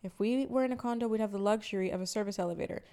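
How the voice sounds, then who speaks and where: A woman in her twenties co-hosting a podcast, chatting casually and telling animated stories with acted-out quotes. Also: medium pitch, very fast, clear, resonant tone. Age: 20s. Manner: animated storytelling, acts out quotes. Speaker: podcast co-host. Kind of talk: casual chat.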